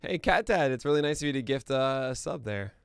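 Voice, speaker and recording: A man hosting a podcast stream talks casually to himself and his chat, trailing off into mumbled asides. His voice is gravelly with fry yet smooth and resonant, recorded dry and close with no room sound. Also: mid-range voice, animated, no echo. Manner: thinking aloud, mumbling asides, quick laughs. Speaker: podcast host. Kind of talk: casual livestream chat before a show.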